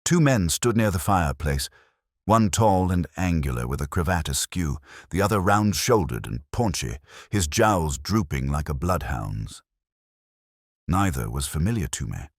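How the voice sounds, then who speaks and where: A man narrating a detective tale in a measured, scripted style. His voice is extremely deep but moves lively through its pitch. The sound is dry, close, and free of room echo. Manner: measured storytelling.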